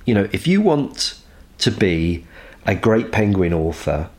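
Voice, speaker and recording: A man's voice: deep voice, very animated, a little slow, a little mellow. A man, a publishing consultant, giving earnest advice as a podcast guest. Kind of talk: advice in interview.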